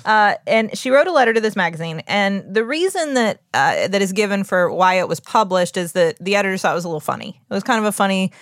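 A woman's voice: medium pitch, expressive, fast talker, few pauses, no echo, studio quality. A woman co-hosting a podcast, telling a story in a chatty, laughing way with plenty of fillers. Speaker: podcast co-host. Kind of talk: casual podcast chat.

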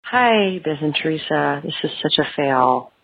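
A woman's voice: low-pitched, lively intonation, measured pace, creaky, background noise. A woman caller leaving a sheepish, self-deprecating voicemail. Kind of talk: voicemail confession. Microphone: phone. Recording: tinny phone line.

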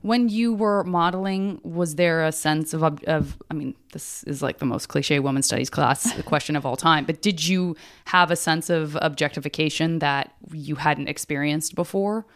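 A woman's voice: sits low, moderate pace, hardly any pauses. A woman hosting a podcast, chatting playfully and casually with lots of fillers. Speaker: podcast host. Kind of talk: casual interview chat.

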